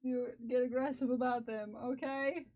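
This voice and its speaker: While crafting on a live stream, a woman chats casually with her viewers in a high-pitched, steady voice at normal speed. She laughs and talks to herself, and the audio is slightly dull lo-fi.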